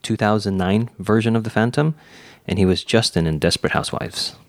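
A man in casual group chat, reading off actors' credits in a steady flow. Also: on the low side, fairly quick, no room sound, studio quality. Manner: reads off cast trivia in a steady flow. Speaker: podcast co-host.

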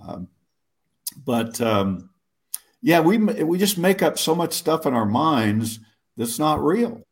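A man's voice: on the high side, big pitch swings, slow. A man, a public speaker, telling stories in an interview in a rambling, self-interrupting way, often laughing at himself. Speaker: guest speaker. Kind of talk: storytelling interview answers.

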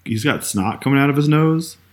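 A man's voice: medium pitch, lively intonation, fairly quick, a little hiss or hum. A man joining a podcast as a guest, chatting casually with dry, teasing remarks. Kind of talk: casual chat.

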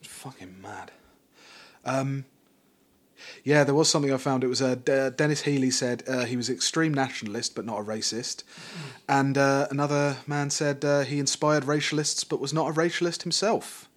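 A man's voice: mid-range voice, moderate pace. A man co-hosting a political podcast in casual chat, rambling with fillers and restarts and the odd swear. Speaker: podcast co-host.

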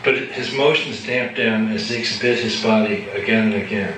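A man reading his own fiction aloud at a live event, in a measured, matter-of-fact way. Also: fairly low pitch, distant mic, noisy background. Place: live reading at an evening gathering. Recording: echoey room from afar.

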